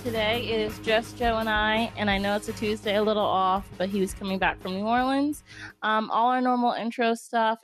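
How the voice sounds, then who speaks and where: A young woman co-hosts a chatty podcast, reading out the usual plugs and then teasing her partner in quick, playful jabs. Her voice sits at an ordinary pitch. The sound is close and dry. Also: no echo. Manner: teasing, quick, laughs often. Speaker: podcast co-host. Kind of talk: casual podcast chat.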